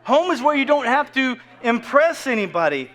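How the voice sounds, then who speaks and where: A man's voice: very high voice, very animated, moderate pace, sharp tone. A man in his thirties preaching a casual, joking sermon full of asides to the congregation. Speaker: pastor. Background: faint crowd.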